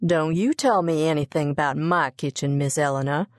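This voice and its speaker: A woman voicing a feisty, proud old cook who scolds and hushes children in a folksy way, in a storybook reading. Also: low-pitched, moderate pace, no room sound, studio quality, close to an everyday voice. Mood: bossy.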